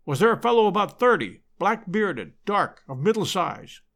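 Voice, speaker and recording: A man reading aloud and voicing a calm, shrewd detective who speaks in a measured, precise way. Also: sits high, vocal fry, exaggerated voice. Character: calm, shrewd male detective, middle-aged, dry.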